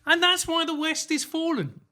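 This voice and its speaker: A man's voice: very high voice, normal speed, pushed and bright. A man co-hosting a podcast in casual comedic chat, rambling and laughing often. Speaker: podcast co-host.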